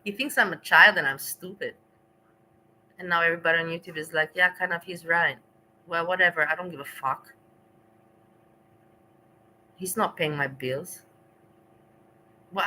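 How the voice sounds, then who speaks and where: Chatty livestreaming woman, bright voice. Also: on the low side, lively intonation, normal speed, pauses often, a little hiss or hum, rough recording. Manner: rambling, laughs often, talks back to chat. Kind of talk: casual livestream chat to viewers.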